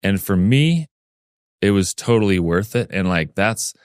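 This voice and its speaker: A man as a podcast guest, telling a personal story in a lively way and acting out the things people said. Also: sits low, measured pace, smooth, no room sound, studio quality. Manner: lively storyteller who acts out remembered dialogue.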